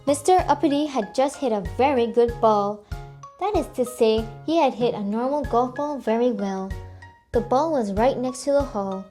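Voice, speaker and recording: Woman reading a children's story, cheerful, asks kids questions, fairly high voice, faint music. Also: moderate pace, dark tone.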